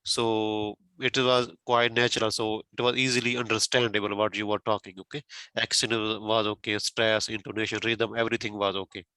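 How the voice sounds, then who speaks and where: Bright-voiced man tutoring with many fillers. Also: lowish voice, level tone, fairly quick, clear, resonant tone, no echo, low-quality recording. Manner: repeats "okay" and "you know" often, many fillers; patient, explains step by step with everyday examples. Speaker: tutor giving exam feedback. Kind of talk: spoken feedback on a mock speaking exam.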